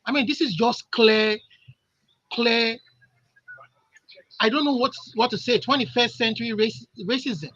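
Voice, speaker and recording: Guy calling in all fired up, high bright voice, keeps stumbling on words, muffled line. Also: unhurried, long pauses, dry recording. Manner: impassioned, repeats words when stuck. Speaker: caller. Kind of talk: heated call-in commentary. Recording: dull lo-fi call audio.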